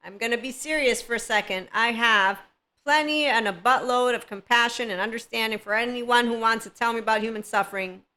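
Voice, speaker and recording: A woman's voice: on the high side, brisk, sharp tone. A woman hosting a spiritual self-help podcast, talking in a playful, rambling way and laughing often. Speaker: podcast host.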